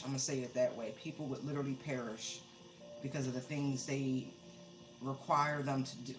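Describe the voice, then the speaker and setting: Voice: mid-range voice, flat delivery, brisk, noisy background. A tarot reader giving a casual, emphatic live-streamed reading, often repeating words for stress.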